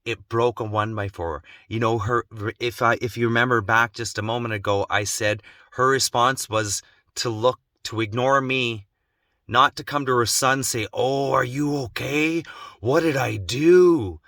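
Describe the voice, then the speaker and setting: Intense guy telling his own story, bright sharp voice, pretty average pitch. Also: fairly even intonation, no room sound, studio quality. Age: adult, has children. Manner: emotional, intense, slows and quiets when grave. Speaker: vlogger. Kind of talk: personal storytelling.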